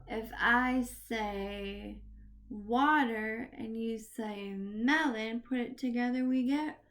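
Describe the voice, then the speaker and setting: A woman teaches young children in a very slow, drawn-out way, stretching each word. Her voice sits fairly high and she punctuates it with excited little gasps. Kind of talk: early literacy lesson for young children.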